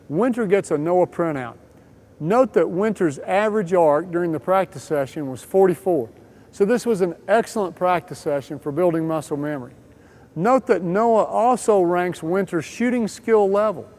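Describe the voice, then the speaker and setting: A training video is narrated by a man whose speaking voice is strikingly high and slightly mellow. He follows a script at a measured pace, moving through the material one step at a time.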